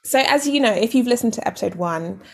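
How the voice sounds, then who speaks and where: A woman's voice: fairly high pitch, fast, vocal fry, slight background noise. A woman co-hosting a casual podcast chat, animatedly telling stories and acting out quoted lines. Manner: animated storyteller, acts out quoted dialogue. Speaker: podcast co-host.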